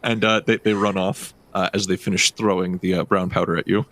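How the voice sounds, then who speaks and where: A man narrating as game master of a tabletop game, halting with many fillers. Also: low voice, level tone, a bit bright.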